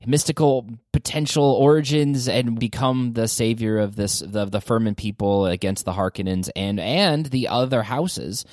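A man hosting a casual podcast chat about movies, animated, his pitch jumping up when he gets excited. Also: moderate pace, hardly any pauses, dry recording, clean studio sound. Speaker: podcast host.

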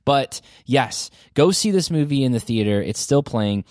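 A man in his forties hosting a casual podcast, talking about a film in an animated, rambling way. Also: mid-range voice, moderate pace, dry recording, clean studio sound. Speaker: podcast host. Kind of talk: casual movie review chat.

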